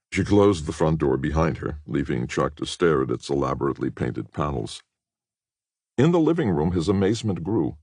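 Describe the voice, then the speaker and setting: Very deep gravelly male narrator. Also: a little mellow, no room sound, studio quality. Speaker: audiobook narrator. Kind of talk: scripted narration.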